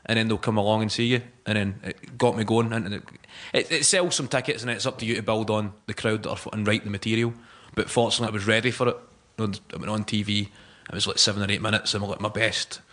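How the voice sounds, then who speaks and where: A man's voice: on the low side, steady tone, fast talker, hardly any pauses, a bit bright. A Scottish man, a stand-up comedian, chatting and joking in an interview. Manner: chatty, joking, laughs often. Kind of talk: casual interview chat. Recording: noisy recording with clicks.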